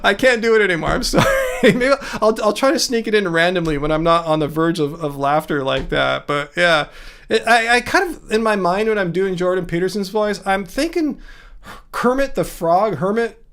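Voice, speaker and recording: A man's voice: high-pitched, moderate pace, fairly bright tone. A man hosting a livestream in casual chat, joking, laughing at himself and reacting to comments from chat. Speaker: livestream host.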